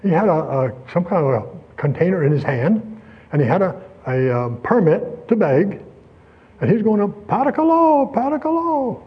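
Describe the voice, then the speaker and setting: A man preaching a sermon, telling a story and asking rhetorical questions with lively emphasis. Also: fairly high pitch, normal speed, breathy edge, highs cut off.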